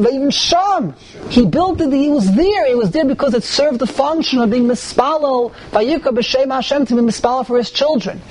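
A man teaching a Torah class to a group, animated, with rising emphasis and many Hebrew terms. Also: extremely high pitch. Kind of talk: lively Torah class with questions.

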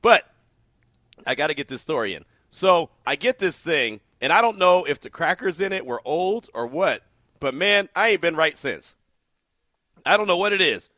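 A man's voice: a little high, normal speed, dry recording, clean studio sound. A man hosting sports talk radio, telling stories while fighting a tickle in his throat, his eyes watering. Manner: lively, storytelling, talks through a tickle in his throat. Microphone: studio mic.

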